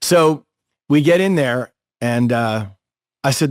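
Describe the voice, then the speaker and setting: A man co-hosting a casual chat, telling lively anecdotes and acting out other people's lines as he goes. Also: medium pitch, moderate pace, no room sound, clean studio sound. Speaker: podcast co-host.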